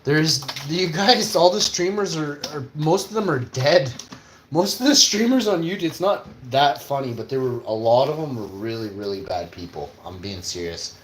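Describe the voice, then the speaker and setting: A man on a casual livestream, cooking in his kitchen and swearing constantly as he rants, with sudden loud outbursts. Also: a little high, expressive, moderate pace. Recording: roomy with faint background hum.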